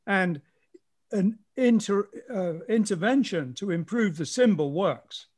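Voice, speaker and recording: High-voiced man explaining at length. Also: lively intonation, slow pace, a little mellow, slightly rough. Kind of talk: casual explanatory conversation.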